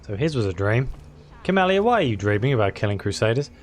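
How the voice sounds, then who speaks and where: A man hosting a let's-play, reading game text aloud with animated delivery. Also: mid-range voice, fast talker, a little hiss or hum.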